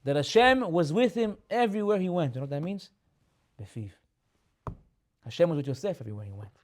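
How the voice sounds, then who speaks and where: A rabbi preaches at a rapid clip in a slightly high voice. He keeps repeating his key lines and scatters Hebrew terms through the talk. His volume often climbs to loud, emphatic peaks. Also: lively intonation. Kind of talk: sermon.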